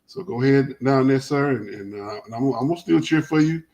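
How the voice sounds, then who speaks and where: A man hosting a casual sports talk show, telling stories in a rambling, animated way with many restarts. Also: mid-range voice, fairly quick, slight background noise, rough recording.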